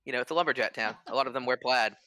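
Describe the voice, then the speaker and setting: A man's voice: mid-range voice, racing, sharp tone, slight background noise. A man narrating as game master in a casual, rambling way.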